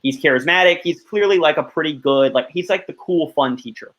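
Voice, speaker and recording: A man's voice: fairly high pitch, a little fast, a bit bright, rough recording. Rambling man from Alabama, podcast guest. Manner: rambling, heavy use of "like" fillers. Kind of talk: casual podcast chat.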